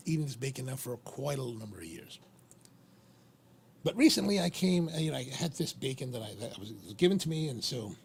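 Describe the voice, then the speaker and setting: Gravelly guy rambling on a live stream, lively up and down voice, a little hiss behind. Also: medium pitch. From Maryland, USA. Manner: rambling, chatty, lively with repeated phrases. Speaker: livestream host. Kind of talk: casual live chat.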